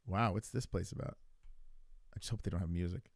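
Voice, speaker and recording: A man with a low, fairly quick voice hosts a live stream, reacting to videos while chatting loosely and crudely with his viewers. He rambles and talks straight to chat, and the recording is dry and studio quality.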